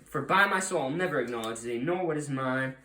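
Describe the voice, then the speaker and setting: A man's voice: mid-range voice, expressive, fairly quick, pushed and bright, far from the mic, slight background noise. A man playing a furious, domineering nobleman father in an amateur Shakespeare reading, with blustering, theatrical rants. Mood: raging. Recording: roomy echo, off-mic.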